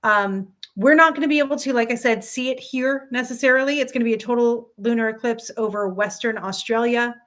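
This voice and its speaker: A woman's voice: on the high side, brisk, hardly any pauses, fairly bright tone. A woman hosting a casual live stream, explaining astrology in an upbeat, chatty way, answering viewers by name with frequent ums and light laughs. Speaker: astrology teacher and livestream host.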